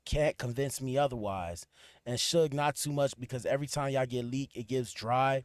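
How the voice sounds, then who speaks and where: A man's voice: medium pitch, normal speed, no room sound. Slangy dude hosting a podcast, talks to his chat, keeps restarting, pretty dry sound. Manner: loose, slangy, trails off and restarts. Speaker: podcast host reacting to clips. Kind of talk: casual commentary to a live chat.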